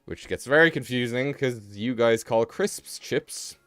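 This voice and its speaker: A man's voice: mid-range voice, unhurried, fairly bright tone, clean tone, no echo, faint music behind. A young British man streaming live, chatting casually and rambling with self-mocking asides while he draws. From Britain.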